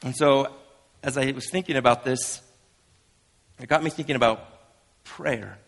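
A man's voice: medium pitch, unhurried, vocal fry, in a large hall. A man in his thirties, a father preaching an earnest, conversational sermon with frequent restarts. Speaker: pastor.

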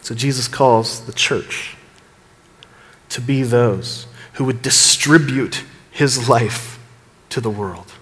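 A man preaching a sermon as pastor, earnest, building emphasis and dropping low at the ends of phrases. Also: slow pace, fairly bright tone, big-room sound.

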